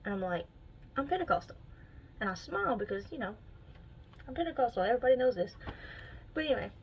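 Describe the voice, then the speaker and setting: Young woman, casual vlog storyteller, animated and fed-up, gravelly fry in the voice. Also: quick pace, highs cut off, a little hiss or hum. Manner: animated, exasperated storytelling with sudden pitch jumps. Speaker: vlogger.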